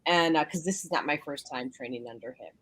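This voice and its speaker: A woman's voice: sits low, quick pace, husky, no room sound, poor audio. A woman guest on a call-in talk show who speaks from her bedroom and tells stories animatedly, acting out what others said. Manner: animated storyteller, acts out quotes. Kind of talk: casual radio talk. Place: home bedroom.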